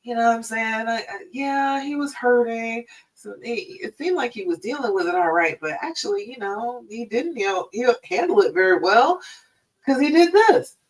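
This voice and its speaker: A woman hosts a live stream as a relationship coach, speaking in an easygoing, chatty way. She keeps checking in with her listeners with a quick "all right?" Her voice sits a little back from the microphone. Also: on the high side, expressive, distant mic, low-quality recording.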